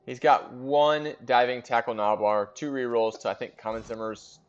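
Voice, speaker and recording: A man's voice: medium pitch, steady tone, normal speed, clear, resonant tone, dull audio. A man hosting a casual recap of a league in a fantasy sports board game, chatting and thinking aloud with fillers.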